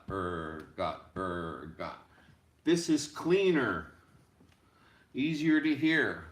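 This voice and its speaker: A man teaching a rhythm lesson as a music teacher, chanting rhythm syllables over and over in a steady beat. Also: on the high side. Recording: echoey room.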